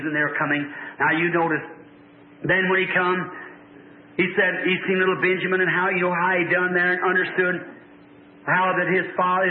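A high-pitched man preaches a fervent revival sermon, telling a story and swelling into loud cries. The recording sounds like a thin, phone-like old tape. It carries a roomy church echo.

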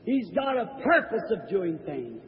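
A preacher tells a Bible story fervently and builds to shouts. His voice is strikingly high and his delivery slow and deliberate. The sound rings with a long hall reverb and comes through dull, lo-fi. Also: sing-song, slight background noise. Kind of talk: sermon, dramatic Bible storytelling. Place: large hall with a congregation.

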